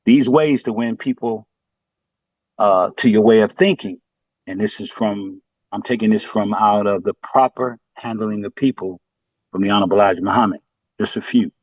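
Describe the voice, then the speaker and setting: Male caller, low voice, earnest and halting, dry muffled line. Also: a little mellow, dry recording. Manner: halting, earnest, many fillers. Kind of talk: testimony on a call-in.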